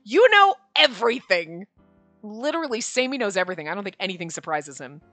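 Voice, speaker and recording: Animated, cursing young woman streamer. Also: mid-range voice, brisk, no room sound, soft background music. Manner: animated, profane, laughing rants. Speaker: streamer playing a visual novel. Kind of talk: let's play commentary, reading aloud.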